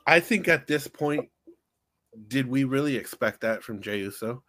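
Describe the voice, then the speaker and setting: A man co-hosting a casual podcast, halting and stumbling as he starts his points. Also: mid-range voice, expressive, a bit bright. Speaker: podcast co-host. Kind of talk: casual chat.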